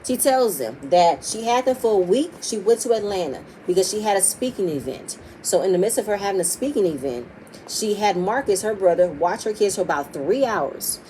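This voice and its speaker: Casting note: woman, heated and profane reality-show recapper, mid pitch, faint hiss in the background. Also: animated, normal speed, mellow, poor audio. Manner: blunt, heated and profane, acting out quotes from the cast. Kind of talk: casual opinionated episode recap.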